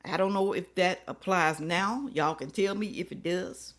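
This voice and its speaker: A woman's voice: on the low side, moderate pace, a bit bright. A woman giving casual, opinionated commentary to her viewers, emphatic and preachy, hammering points home with repeated rhetorical questions. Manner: colloquial talk that drops into whispers for emphasis. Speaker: reaction video commentator.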